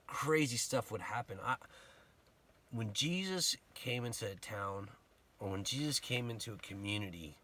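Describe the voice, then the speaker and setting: A man giving a casual sermon, retelling a Bible story in a conversational, animated way and acting out the people in it. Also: lowish voice. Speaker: preacher.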